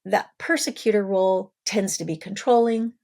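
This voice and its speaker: A woman hosting a podcast as a family therapist, calmly explaining ideas and walking through examples step by step. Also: medium pitch, normal speed. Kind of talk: podcast teaching talk.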